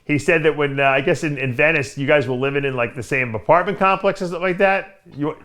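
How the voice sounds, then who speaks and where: A man's voice: on the high side, fairly quick, fairly bright tone. A man hosting a talk show, easygoing, and laughing often with his guests. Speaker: host.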